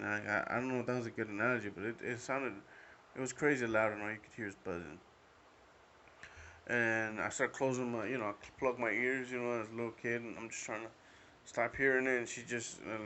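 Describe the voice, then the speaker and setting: A man's voice: mid-range voice, steady tone, fairly quick, sharp tone, slight background noise. Rambling young man telling a story. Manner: rambling, full of fillers and swearing. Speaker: podcast host. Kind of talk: casual storytelling monologue.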